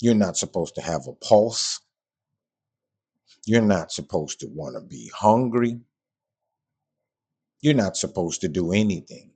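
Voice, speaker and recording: A man's voice: on the low side, lively intonation, unhurried, pauses often, dark tone, slightly rough. A man hosting a podcast and talking through a reaction in a casual way, blunt and frank, sometimes swearing, and repeating himself when he is puzzled. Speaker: podcast host.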